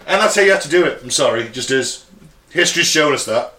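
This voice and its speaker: A man's voice: mid-range voice, expressive, fast talker, pushed and bright, reverberant, far from the mic. A man co-hosting a casual podcast who swears and talks bluntly, sometimes reading history aloud. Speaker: podcast co-host.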